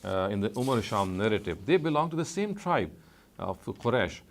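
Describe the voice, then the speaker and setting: Measured, low-voiced male lecturer. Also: big pitch swings, slight background noise. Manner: measured, frequent "uh" pauses and self-corrections. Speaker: Islamic studies lecturer. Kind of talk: scholarly lecture.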